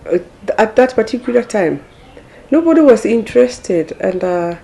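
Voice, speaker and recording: A woman's voice: a little high, expressive, creaky, dark tone. A woman telling her experience in a documentary interview, hesitating often as she speaks. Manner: hesitant, many pauses with "uh".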